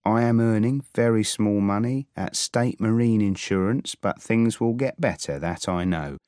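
A man's voice: on the low side, moderate pace, darkish tone, dry recording, studio quality, natural voice. A man reading the part of a polite, settled young newlywed man in a mild, courteous, matter-of-fact way.

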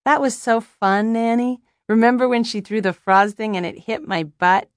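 A woman's voice: a little high, fairly even intonation, moderate pace, no room sound, clean studio sound, pitched above the performer's own voice, natural voice. A woman voicing a playful, cheeky little boy with a bouncy, sing-song way of talking in an audiobook.

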